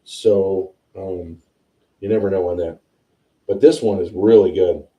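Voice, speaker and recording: A man hosting a whiskey tasting livestream, chatting casually and excitedly as he tastes. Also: low-pitched, a little slow, far from the mic. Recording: roomy sound, a bit off-mic.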